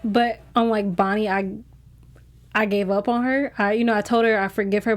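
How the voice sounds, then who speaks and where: A woman's voice: mid-range voice, steady tone, moderate pace. A woman co-hosting a TV recap in casual chat, candid and emotional, often restarting her sentences. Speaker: co-host.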